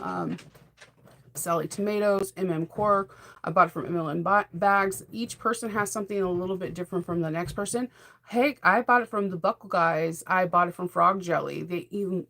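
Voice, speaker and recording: A middle-aged woman hosts a sewing channel, chatting casually in a rambling, enthusiastic way and laughing often. Her voice is on the low side and a little bright.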